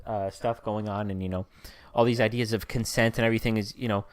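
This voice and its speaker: A man's voice: fairly even intonation, quick pace, dry recording. A man co-hosting a casual podcast chat, joking around with lots of fillers. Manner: jokey, lots of fillers, breaks into silly high voices. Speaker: podcast co-host.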